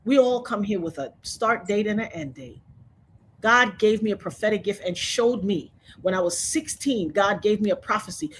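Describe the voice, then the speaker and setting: A woman's voice: mid-range voice, animated, moderate pace, slight background noise. A woman in her fifties, telling her story with fervent, preacher-like conviction as an interview guest. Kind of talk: emotional testimony in conversation.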